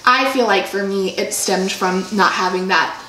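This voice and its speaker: Young woman host, emotional casual storytelling, a little hoarse, echoey room. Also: mid-range voice, moderate pace, pushed and bright, a little hiss or hum. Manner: emotional, trying not to cry. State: frog in her throat. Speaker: podcast co-host. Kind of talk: casual chat.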